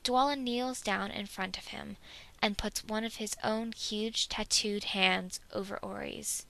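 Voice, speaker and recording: A woman reading a fan fiction story aloud in a soft narration that drops at times to a half-whisper. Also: mid-range voice, fairly even intonation, unhurried, creaky, poor audio.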